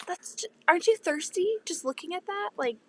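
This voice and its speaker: A young woman with a high, very lively voice teases her friend in casual chat. She laughs a lot and groans for effect, over a faint hiss of background noise. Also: a little slow.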